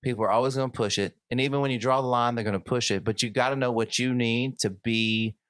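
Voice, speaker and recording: A man's voice: mid-range voice, fairly even intonation, fast, a bit bright, clear, resonant tone, no room sound. A man hosting a podcast and coaching his guest in a casual conversation, stopping and restarting with many fillers before he gets to his point. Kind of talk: casual conversation, giving advice.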